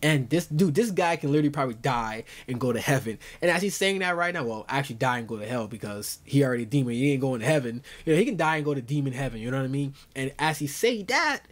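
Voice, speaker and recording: A man recapping an anime episode in casual, excited commentary, full of fillers like "you know" and "dude". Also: medium pitch, quick pace, few pauses. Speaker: anime reviewer.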